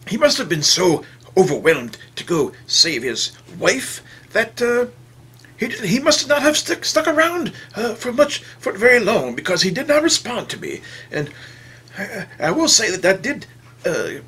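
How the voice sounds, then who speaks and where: A man spins a comic story, rambling and oblivious, his bright, sharp voice swooping up and down with huge energy. His delivery is bumbling and full of quaint, old-fashioned turns of phrase. His pitch sits a touch above the average man's, and faint music plays behind him. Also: wildly swooping pitch, unhurried, husky. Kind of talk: comedic first-person story monologue.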